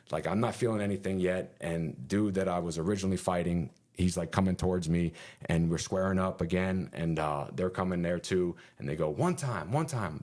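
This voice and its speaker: A man with a deep, low-pitched voice tells a story in a casual podcast interview. He talks with animated energy, fills his speech with "like" and punchy sound effects, and swears casually. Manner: animated, full of fillers and sound effects like "boom". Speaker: interview guest.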